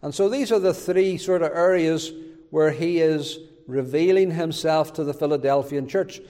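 A man preaching a sermon as pastor, in a measured way that repeats key phrases. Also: on the high side, dark tone, big-room sound. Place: church.

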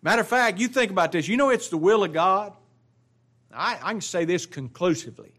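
A man delivering a sermon from the pulpit, his voice sitting a little higher than most men's. He slows down to draw out quoted scripture, then presses harder and rises on the words he wants to drive home. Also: lively intonation, a bit bright. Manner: preaching with rising emphasis and drawn-out quoted scripture. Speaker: pastor.

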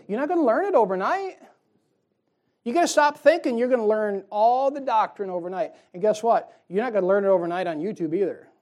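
A man's voice: high voice, vocal fry, darkish tone. Folksy, joking male preacher. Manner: folksy, jokey preaching with call-and-response "amen". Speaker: pastor. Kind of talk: sermon.

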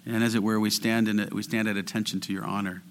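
A man preaching a sermon as pastor, earnest and building to fervent exhortation, sometimes slowing down or dropping to a near whisper for emphasis. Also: fairly low pitch, little pitch movement, a little hiss or hum.

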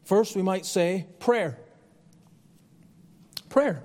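A man's voice: sits high, animated, extremely slow, a little mellow, in a large hall. A man preaching a sermon as pastor, earnest and conversational, often restarting his phrases. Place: church.

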